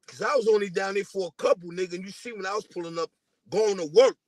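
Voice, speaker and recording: Taunting profane New man, high voice. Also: fast talker, a little mellow, dry recording. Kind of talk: casual diss rant.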